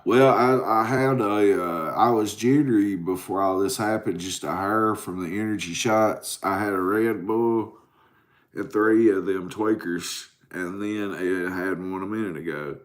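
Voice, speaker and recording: Tired guy in his 40s on a late stream, lowish voice, rambling and cussing. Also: a little slow. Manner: rambling, profane, drowsy. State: tired from a caffeine crash. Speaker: livestream host. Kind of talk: late-night livestream chat with viewers.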